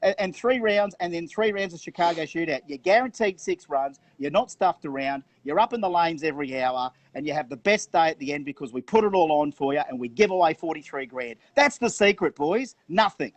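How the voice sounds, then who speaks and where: Excited Australian man, bright voice. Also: a little high, no echo. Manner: fast, enthusiastic, repeats words when excited. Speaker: drag racing commentator. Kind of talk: excited live chat at a race event.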